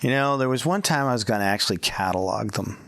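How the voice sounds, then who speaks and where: A middle-aged man hosting a casual chat, playful and quick to laugh, now and then slipping into character voices. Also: lowish voice, lively intonation, gravelly, fairly bright tone. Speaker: podcast host.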